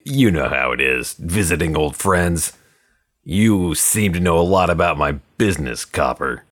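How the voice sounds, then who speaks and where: A man's voice: deep voice, expressive, measured pace, a bit bright, exaggerated voice. A man voicing a hard, wary male gangster on the run, in clipped, guarded tough-guy talk. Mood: menacing. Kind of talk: audiobook character voice.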